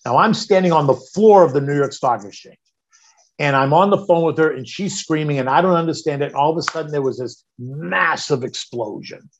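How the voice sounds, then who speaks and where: This time the middle-aged guest speaks a little fast with a fairly high pitch, over a muffled recording. He tells his personal story with animation, cursing liberally and getting loud when reliving his panic.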